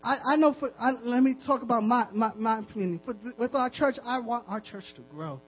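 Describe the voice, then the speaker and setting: Male preacher, very high-pitched and husky, urgent repeated exhortations, lo-fi hum. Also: brisk. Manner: impassioned, repetitive exhortation with laughs. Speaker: pastor. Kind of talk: sermon. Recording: dull lo-fi recording with mains hum.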